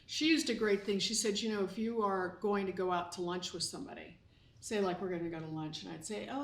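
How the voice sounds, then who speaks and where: A woman's voice: medium pitch, fairly even intonation, a little fast. A woman hosting a casual talk show with her husband, chatty and acting out little everyday dialogues. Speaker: host. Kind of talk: casual chat. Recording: echoey room, mic at a distance.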